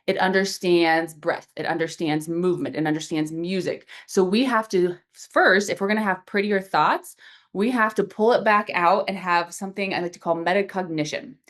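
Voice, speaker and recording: A woman's voice: lowish voice, normal speed. A woman guest on a faith podcast, explaining ideas earnestly and acting out small everyday dialogues as she goes. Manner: earnest, lively, acts out little dialogues. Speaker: podcast guest, founder of a reset program. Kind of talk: faith-based explanatory interview talk.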